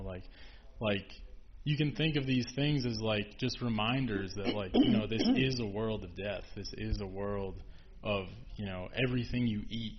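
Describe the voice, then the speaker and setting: Chatty guy telling a story in a group, lots of "like", lowish voice, dull lo-fi w/ hiss. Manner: chatty, filler-heavy with frequent "like". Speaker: forum participant. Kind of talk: casual storytelling in a group discussion.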